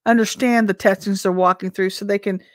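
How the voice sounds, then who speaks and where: A woman teacher and minister giving informal prophetic teaching in a conversational way, full of rhetorical questions and an occasional throat clearing. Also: medium pitch, steady tone, fairly quick, no echo, studio quality.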